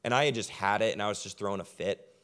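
A young man preaching a sermon as pastor. He tells stories in a low, quiet voice, then lifts his voice loud and high to drive a point home. His pace slows down for weight. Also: clean tone. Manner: shifts from quiet storytelling to loud emphatic preaching.

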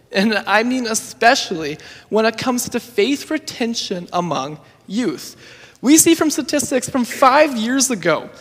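Young youth pastor dude preaching, high voice, super energetic, churchy hall echo. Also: male voice. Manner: energetic, upbeat, earnest. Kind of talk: sermon. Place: church sanctuary.

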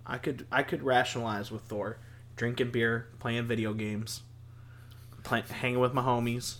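A man's voice: mid-range voice, steady tone, normal speed, a bit bright. A man co-hosting a casual podcast, easygoing and enthusiastic, rambling a little. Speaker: podcast co-host.

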